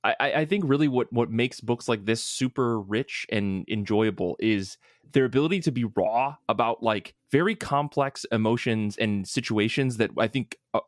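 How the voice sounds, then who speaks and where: A young man in casual podcast chat with a medium-pitched voice. He rambles, restarts his sentences, and rises in pitch and volume when something excites him. The sound is dry and close to the mic. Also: normal speed, dry recording. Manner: rambling with frequent restarts and fillers; enthusiastic, gets louder and higher when excited. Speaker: podcast co-host.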